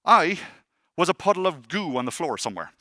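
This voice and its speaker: Male conference speaker, lively storyteller, pitched a touch high, crisp and forceful. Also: a little fast, dry recording, studio quality. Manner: animated, self-deprecating storyteller acting out dialogue. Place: conference hall stage.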